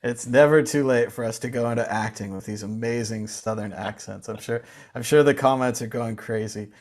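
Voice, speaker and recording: A male host with an ordinary mid-pitched voice runs a panel show. He keeps things moving briskly, passing the floor from guest to guest. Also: a little mellow. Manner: brisk, steers the discussion.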